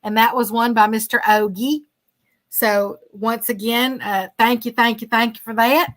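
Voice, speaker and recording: Slightly hoarse woman host. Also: fairly high pitch, fairly even intonation, measured pace, fairly bright tone. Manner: chatty, thanking viewers, many fillers. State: a bit hoarse. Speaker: livestream host. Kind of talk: casual livestream chat.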